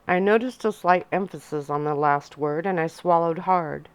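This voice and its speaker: Soft asmr story reading, woman, lowish smooth voice, dry close sound. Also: moderate pace, hardly any pauses, no echo. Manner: soft-spoken first-person narration. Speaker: audiobook reader.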